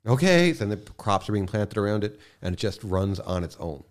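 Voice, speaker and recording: A man speaking as a podcast guest in casual conversation, impassioned, swearing freely and swinging from quiet to loud bursts. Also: lowish voice, very animated, brisk.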